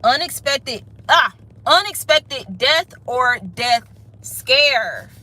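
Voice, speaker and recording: A woman's voice: high voice, expressive, extremely slow, bright, forceful tone, poor audio. A woman giving a casual spiritual reading in a blunt, profane, emphatic way, often checking in with "okay?". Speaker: tarot reader.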